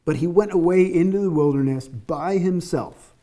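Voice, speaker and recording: A man's voice: fairly high pitch, normal speed, dark tone. A man giving a conversational sermon, often repeating words as he restarts and acting out the quotes he tells. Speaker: preacher.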